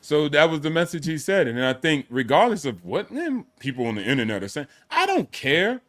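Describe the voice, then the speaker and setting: A man co-hosting a podcast, talking in an animated, slangy way that swings from loud bursts to low asides. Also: fairly quick. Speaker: podcast co-host. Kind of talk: animated casual debate.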